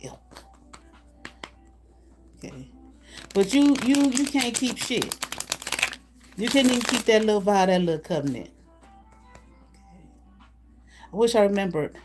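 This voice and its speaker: A woman's voice: medium pitch, expressive, a little slow, pauses often, darkish tone, faint music behind. A woman doing a live card reading, talking bluntly and profanely while laughing often between remarks. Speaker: intuitive card reader.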